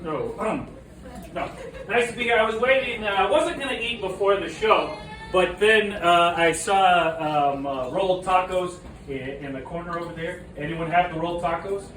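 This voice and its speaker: A stand-up comedian from New Mexico, joking and teasing the crowd at a party. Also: male voice, high voice, moderate pace. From New Mexico, USA. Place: party room with audience. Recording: echoey room from far off, crowd noise.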